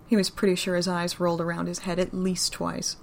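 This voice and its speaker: Woman, narrator, low pitch, gravelly, expressive, intimate story reading. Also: a little fast, a little hiss or hum. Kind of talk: fan fiction reading.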